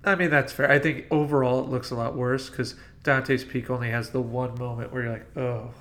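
A man's voice: medium pitch, fairly even intonation, fairly quick, fairly bright tone. A man hosting a casual movie podcast, ranting bluntly about film clichés. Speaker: podcast host. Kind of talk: casual movie-review chat.

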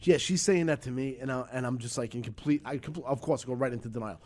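A middle-aged man, a guest telling a story in casual interview, animated and swearing freely, acting out voices. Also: mid-range voice, fast.

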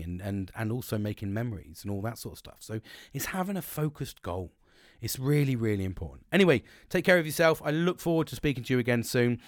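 A middle-aged man rambles through a solo podcast, swearing freely and wandering off on tangents before reining himself back in. His voice sits at an ordinary pitch and sounds dry and close to the mic. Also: no room sound. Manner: sweary, chatty, self-interrupting digressions. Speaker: podcast host.

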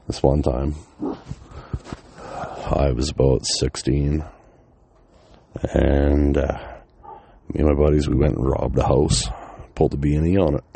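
A man's voice: extremely low pitch, flat delivery, unhurried, creaky, long pauses, mellow, a little hiss or hum. A man, casually telling a personal story, swearing often and laughing between lines.

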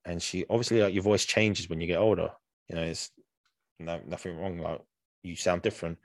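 A man's voice: deep voice, level tone, a little fast, no room sound. A man co-hosting a podcast in casual chat, rambling and hesitant, full of fillers and restarts. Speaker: podcast co-host.

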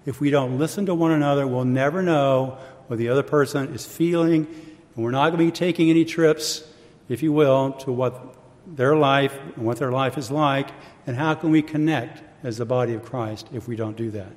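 A man delivering a sermon at a middle pitch, measured and reflective, turning now and then to casual asides. His voice carries a long reverb, as if heard in a church hall. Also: darkish tone. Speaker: preacher.

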